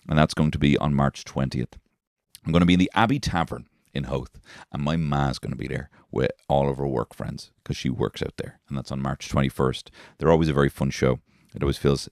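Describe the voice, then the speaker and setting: Dublin comedian, 30s, man, extremely deep voice, dry close recording, rambling self-mocking podcast chat with casual swearing. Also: no room sound. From Dublin, Ireland. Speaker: comedian host.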